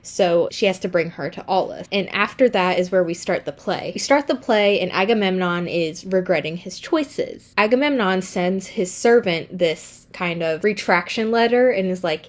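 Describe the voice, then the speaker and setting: A woman's voice: fairly low pitch, moderate pace, few pauses. A young woman chatting casually in a book review, slangy and self-deprecating.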